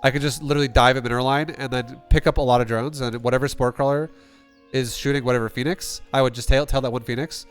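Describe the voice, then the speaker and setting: A man's voice: medium pitch, fairly even intonation, fast talker, clean tone, soft background music. A man coaching a player through a game replay, blunt and rambling, swearing often and restarting sentences. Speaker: StarCraft coach. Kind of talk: casual replay coaching with profanity.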